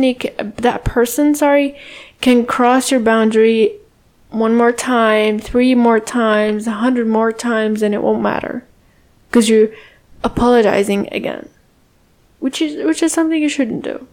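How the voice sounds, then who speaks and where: A woman giving self-help advice straight to the viewer, speaking calmly and firmly with repeated, emphatic phrasing. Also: fairly high pitch. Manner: slow, calm and firm, with repeated emphatic phrasing. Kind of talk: talking-to-camera advice on setting boundaries.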